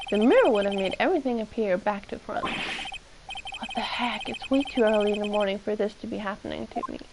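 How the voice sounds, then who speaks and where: A woman's voice: medium pitch, noisy background. A woman streaming a game, chatting casually and playfully reading the dialogue aloud. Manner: playful, reads characters' lines aloud with her own reactions. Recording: stream voice with clear game music behind.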